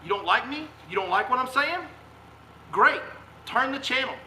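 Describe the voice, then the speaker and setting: Fiery high-voiced man ranting. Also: expressive, normal speed, bright, forceful tone, a little hiss or hum. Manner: fiery, emphatic, repeats rhetorical questions. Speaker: fishing guide and live-stream host. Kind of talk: heated political rant on a live stream. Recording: echoey room sound.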